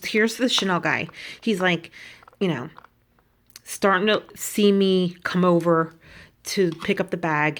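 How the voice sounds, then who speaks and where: A woman vlogging about luxury shopping, telling a story in an animated, indignant way. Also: fairly low pitch. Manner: animated, indignant, quotes people in put-on voices. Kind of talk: casual storytelling rant.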